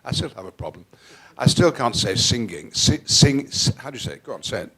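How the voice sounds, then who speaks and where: An older man from the northwest of England, speaking Received Pronunciation with faint northern traces, talking theatrically on a theatre stage and swinging between quiet and loud. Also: mid-range voice, very animated, a little fast, creaky, husky. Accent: Received Pronunciation with faint northern English traces. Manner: theatrical, playful, with frequent restarts and sudden swings in loudness. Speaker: guest actor. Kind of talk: onstage interview conversation. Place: theatre stage before an audience.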